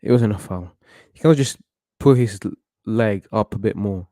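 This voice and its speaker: Guy chatting thru a football match, mellow low voice, opinionated, lots of restarts. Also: normal speed, dry recording. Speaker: football watchalong host. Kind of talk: casual live match commentary.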